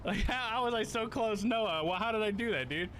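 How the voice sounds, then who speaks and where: A man streaming a game live, commenting in an excitable, profane way and giggling often. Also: high-pitched, moderate pace, slight background noise.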